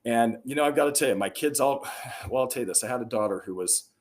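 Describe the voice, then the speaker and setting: At a medium pitch and a fast clip, a middle-aged man guesting on a podcast shares stories in a conversational interview. He comes across as earnest and emphatic, and his energy rises in bursts.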